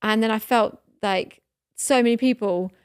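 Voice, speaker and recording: A woman's voice: fairly high pitch, moderate pace, smooth, dry recording, clean studio sound. A woman in her thirties, co-hosting a podcast and telling a story in casual chat, full of fillers and emotion. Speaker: podcast co-host.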